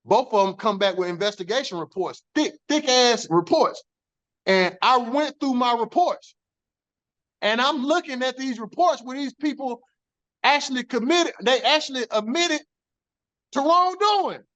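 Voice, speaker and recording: A man's voice: very high-pitched, lively intonation, measured pace, a bit bright. A man, a former corrections officer, telling his story in an interview, emphatic and profane, acting out the dialogue he quotes.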